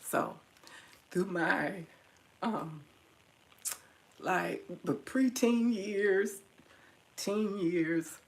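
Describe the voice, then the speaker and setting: A woman's voice: medium pitch, extremely slow, pauses often, low-quality recording. A middle-aged woman tenderly reminiscing about her mother to her viewers, at times teary-eyed. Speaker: vlogger. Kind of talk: personal storytelling to viewers.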